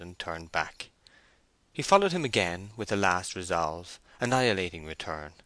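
A man narrates a classic novel as an audiobook. He reads in a measured, even way with a deep, bright voice. The recording is dry and close. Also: no room sound.

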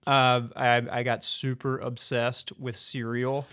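Male podcast host, crisp clear voice, level and steady delivery, relaxed conversational talk. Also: mid-range voice, takes it slowly. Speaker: podcast host, interviewed as guest. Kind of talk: casual conversation.

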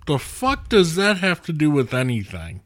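A man's voice: on the high side, huge pitch swings, moderate pace. A man co-hosting a podcast, reacting in casual chat with short, profane remarks. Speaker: podcast co-host.

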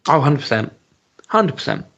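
A man's voice: on the high side, sing-song, moderate pace, fairly bright tone, husky, lo-fi sound. A man co-hosting a podcast, chatting casually and hesitantly with many ums, livening up when he jokes. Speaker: podcast co-host. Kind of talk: casual chat reviewing a TV episode.

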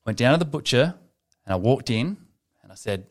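A man's voice: mid-range voice, animated, fairly quick. A man, a podcast host telling a long rambling story in casual chat, swearing freely.

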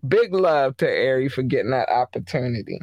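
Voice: mid-range voice, lively intonation, brisk, a little mellow, no room sound, highs cut off. A podcast host chatting casually through entertainment gossip, rambling with slang and fillers. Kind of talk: casual celebrity gossip commentary.

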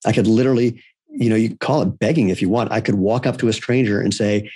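Man, low voice, podcast guest, blunt, irreverent storyteller, dry close sound. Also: fast, dark tone, breathy edge, no room sound. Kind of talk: casual conversation.

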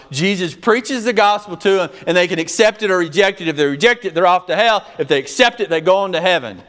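A male pastor preaching a sermon, swinging between loud, raised passages and hushed, low ones.

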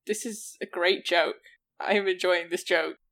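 A woman's voice: on the low side, fairly even intonation, measured pace, a bit bright. A woman co-hosting a casual chat, reacting with wry jokes and frequent laughter. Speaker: podcast co-host.

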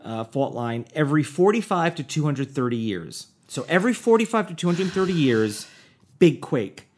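Joking male podcast host with a lively voice. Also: a little high, normal speed. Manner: loose, joking, lots of fillers and trailing off. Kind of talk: casual chat.

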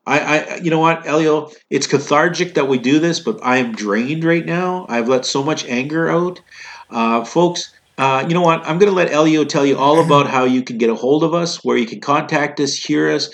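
A man's voice: on the high side, moderate pace. A man hosting a wrestling podcast, chatting casually and ranting with jokes. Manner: animated, ranting, joking. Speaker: podcast host.

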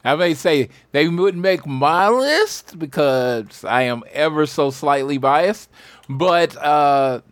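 A man's voice: a little high, expressive, slow pace, dry recording. Man, podcast co-host, loose filler-heavy wrestling chat, dry close sound.

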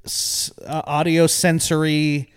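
A man's voice: a little high, monotone, slow, clear, resonant tone. A man co-hosting a podcast, chatting casually, joking and rambling as he talks. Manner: joking, rambling, laughs often. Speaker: podcast co-host. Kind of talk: casual chat.

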